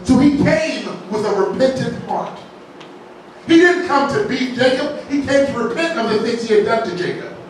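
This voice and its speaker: Man pastor preaching, high voice, heard from far off in a very echoey church with a faint hiss. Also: normal speed. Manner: folksy preaching with jokes, asks "right?" often. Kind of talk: sermon. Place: large church sanctuary. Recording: very echoey church, distant mic, faint noise.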